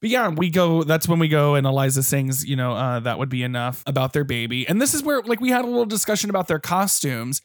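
A man's voice: a little high, fast, few pauses, no room sound, clean studio sound. A man co-hosting a podcast, talking enthusiastically about a stage musical and swearing casually. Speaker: podcast co-host. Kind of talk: casual theater discussion.

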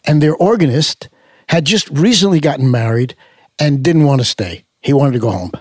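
A man's voice: fairly high pitch, lively intonation, normal speed, no room sound, studio quality. An older man, a musician being interviewed, telling stories in a loose, rambling way with many fillers and restarts. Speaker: musician guest. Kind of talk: casual storytelling interview.

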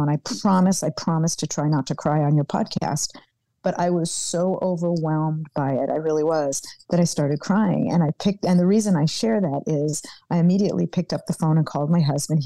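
A woman being interviewed as a guest on a podcast, who talks in an animated, emphatic way and repeats words for stress. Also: low-pitched, creaky, no echo. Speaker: guest, former football team executive.

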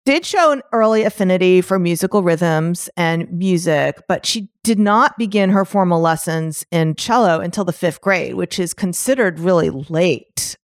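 A woman's voice: fairly low pitch, expressive, moderate pace, few pauses, no echo, studio quality. A middle-aged woman hosting a podcast, talking conversationally, laughing often and drifting into digressions. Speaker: podcast host. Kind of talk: podcast monologue.

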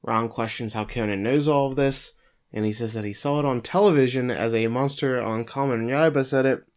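A man co-hosting a podcast, giving a steady plot summary of an anime episode with occasional fillers. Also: medium pitch, a little fast, clean tone. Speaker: podcast co-host recapping an anime. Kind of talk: casual episode recap.

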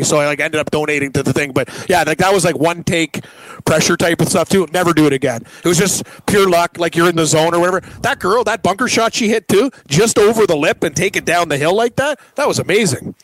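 Male co-host, higher voice, dry booth sound, easily moved. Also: quick pace, a bit bright, dry recording, rough recording. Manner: enthusiastic reactions, easily moved. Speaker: sports radio co-host. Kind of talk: casual sports talk.

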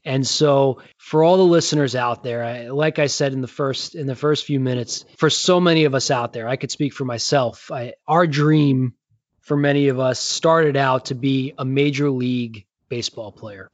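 A man's voice: mid-range voice, normal speed, dry recording. A man hosting a podcast, interviewing a guest in an earnest, reflective way. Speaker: podcast host, former rehab coordinator. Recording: dull lo-fi audio.

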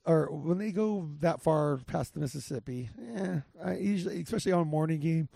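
A man's voice: a little high, fairly quick, vocal fry, mellow, dry recording, clean studio sound. A man hosting a podcast, rambling casually through game picks with lots of restarts and filler. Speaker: podcast host. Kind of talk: casual sports betting chat.

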